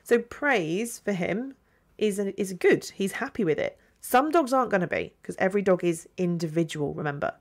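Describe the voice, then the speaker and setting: A woman's voice: mid-range voice, expressive, moderate pace. A middle-aged woman hosting a podcast as a dog trainer, talking casually with fillers and small laughs. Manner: chatty, with fillers and little laughs. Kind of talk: casual solo podcast talk.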